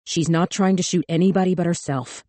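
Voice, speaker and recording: A woman voicing a calm, steady man who talks an armed girl down in an audiobook. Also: on the low side, a little fast, no echo, lightly acted. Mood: calm firm. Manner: calm, firm, soothing. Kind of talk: audiobook character voice.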